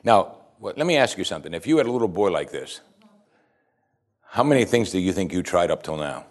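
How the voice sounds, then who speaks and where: Low-voiced man preaching a conversational sermon. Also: sing-song, fairly quick. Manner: conversational, asks the listeners rhetorical questions; reads scripture aloud and stops to comment. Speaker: pastor.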